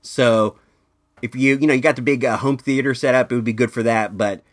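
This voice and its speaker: A man hosting a casual podcast, reviewing a movie and telling stories in a rambling, filler-heavy way that turns animated in anecdotes. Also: mid-range voice, a little fast. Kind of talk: casual comedic storytelling and review.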